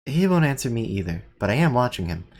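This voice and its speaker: A reader voicing a dry, sardonic, analytical teenage girl in a deadpan, wordy manner. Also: mid-range voice, fast talker. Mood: wry. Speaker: reader and organizer in a group readthrough. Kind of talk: live unscripted fan script reading.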